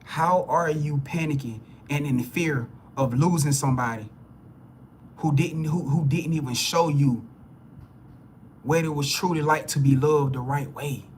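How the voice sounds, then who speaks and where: Blunt, profane man with a high voice. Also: measured pace, darkish tone, slight background noise. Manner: blunt, profane, preachy and emphatic; repeats words and restarts phrases when heated. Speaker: spiritual reader. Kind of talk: live reading to viewers.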